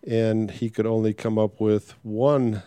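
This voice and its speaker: A man's voice: fairly low pitch, flat delivery, a little slow, warm tone, clean tone, dry recording. An older man hosting a podcast, talking in a frank, rambling way with many filler sounds. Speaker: podcast host. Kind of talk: casual podcast monologue.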